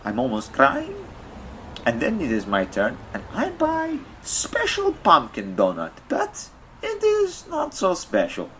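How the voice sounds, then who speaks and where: A distraught Russian man rants in broken English, as a man puts on the voice and accent. His voice sits well above an ordinary male register and lurches up and down in pitch. It stays whiny and aggrieved throughout, and a faint noise hums behind it. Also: wildly swooping pitch, takes it slowly, fairly bright tone, heavily acted. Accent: put-on Russian. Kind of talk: comedic character monologue.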